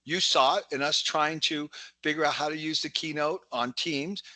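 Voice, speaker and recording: A middle-aged man giving a webinar talk, telling energetic stories full of quoted dialogue. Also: fairly high pitch, moderate pace, no echo. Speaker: keynote speaker. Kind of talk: webinar presentation.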